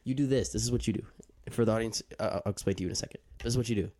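Low-voiced young man explaining mic technique. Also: rapid-fire, darkish tone. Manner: explanatory, rambling, self-interrupting. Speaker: podcast co-host handling audio. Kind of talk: casual chat. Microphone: handheld microphone.

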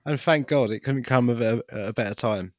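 A man's voice: medium pitch, normal speed, dry recording, studio quality. A man from the UK co-hosting a podcast in playful, teasing, casual banter. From United Kingdom. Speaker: podcast co-host.

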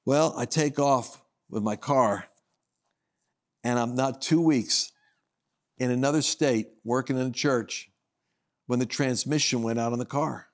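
A man minister giving a personal testimony on a broadcast, acting out the dialogue as he tells it, with loud high bursts and low quiet asides. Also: unhurried, long pauses. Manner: acts out quoted dialogue in his telling.

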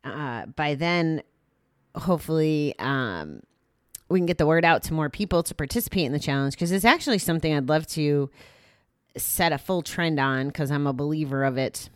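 Low-voiced lady podcaster, sleepy and rambly, chatting live, dead dry sound. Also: lively intonation, normal speed, clear, resonant tone, no echo. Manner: rambling, apologetic, yawning, chatty asides. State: tired. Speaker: podcast host. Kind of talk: casual live chat to listeners.

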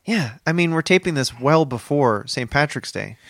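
A man's voice: fairly high pitch, animated, moderate pace, a bit bright, no echo. Laid-back, self-assured podcast man. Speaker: podcast co-host. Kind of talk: deadpan comedic podcast banter.

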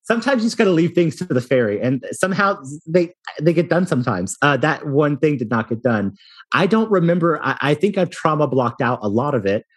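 A man's voice: fairly high pitch, expressive, brisk, slightly rough. A man in his thirties, a hotel company founder, telling self-deprecating stories in a casual interview and laughing often.

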